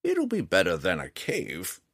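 A man voicing a wry, charming old male forest ranger in an audiobook, speaking slowly and theatrically. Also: huge pitch swings, vocal fry, fairly bright tone, slightly rough, no room sound, clean studio sound, exaggerated voice. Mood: coaxing. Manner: slow, booming, theatrical delivery.

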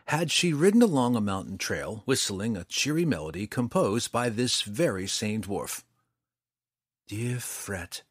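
A man narrating a fantasy story in an expressive storytelling manner. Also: fairly low pitch, no room sound, studio quality. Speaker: audiobook narrator.

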